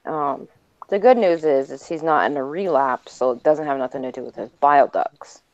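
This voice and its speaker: Very low-voiced woman, matter-of-fact. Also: moderate pace, darkish tone, dry recording. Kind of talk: casual chat. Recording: muffled lo-fi stream audio.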